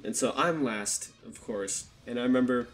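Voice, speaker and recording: A man's voice: medium pitch, moderate pace, a little hiss or hum. Foul-mouthed young man telling a story. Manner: casual, swears heavily, acts out quotes. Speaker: YouTuber telling a personal story. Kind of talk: storytime vlog. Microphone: desktop USB microphone.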